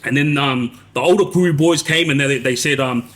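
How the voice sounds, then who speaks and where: A man's voice: medium pitch, moderate pace, fairly bright tone. A man tells a long story on a casual live stream, restarting sentences and tagging them with "yeah?". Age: 40s. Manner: rambling, restarts, frequent tag "yeah?". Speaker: live streamer recounting prison life.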